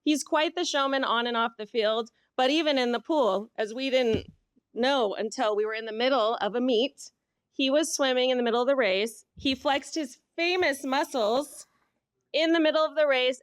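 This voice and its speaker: Woman teacher at a podium; warm, playful speech, bright higher voice, close dry mic. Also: moderate pace, dry recording. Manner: warm, playful, coaxing a student along. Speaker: teacher and sports leadership coordinator. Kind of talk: award speech.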